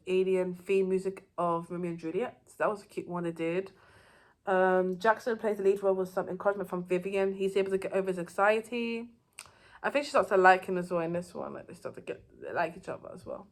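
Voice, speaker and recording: Woman rambling thru a show recap, casual, lots of restarts, middle pitch. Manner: rambling, loose, many fillers and restarts. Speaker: TV show reviewer.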